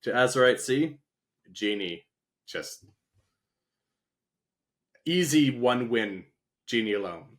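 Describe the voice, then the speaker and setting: A man with a middle-pitched voice co-hosts a relaxed podcast. He sounds easygoing and agreeable, often chiming in with short affirmations. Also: slow, pauses often. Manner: easygoing, agreeable, lots of back-channel affirmations. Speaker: podcast co-host. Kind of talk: casual chat.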